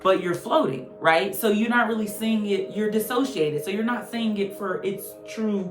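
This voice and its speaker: A woman's voice: mid-range voice, normal speed. A woman giving a casual tarot reading, blunt, slangy and profane, joking as she goes. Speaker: tarot reader. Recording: roomy echo with faint music.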